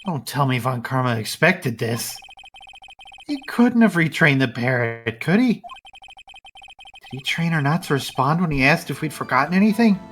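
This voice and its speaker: A woman's voice: deep voice, very animated, normal speed, soft background music. A woman streamer reading a lawyer's lines aloud while playing a video game, matter-of-fact.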